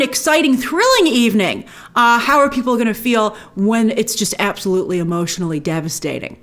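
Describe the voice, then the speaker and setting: Animated, high-voiced woman host. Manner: animated, chatty, acts out quick asides in her own voice. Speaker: host reviewing a TV series. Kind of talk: casual opinionated review.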